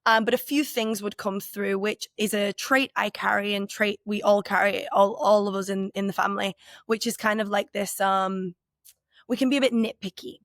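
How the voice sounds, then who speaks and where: A woman's voice: medium pitch, steady tone, moderate pace, fairly bright tone, no room sound. Candid woman podcaster, dry close sound. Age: 30s. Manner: candid, rambling, many filler "like"s; earnest, emotionally open. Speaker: podcast co-host. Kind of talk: casual reflective conversation.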